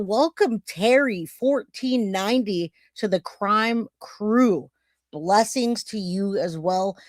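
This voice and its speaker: A man's voice: high voice, no echo. Chatty man hosting a true-crime stream, dry close sound, thanks his chat by name. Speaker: livestream host. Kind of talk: casual true-crime livestream.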